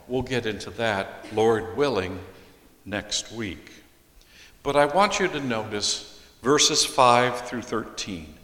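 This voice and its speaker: A man preaching an expository sermon as a pastor, deliberately reading scripture aloud and explaining it. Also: medium pitch, fairly bright tone. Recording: echoey hall with long reverb.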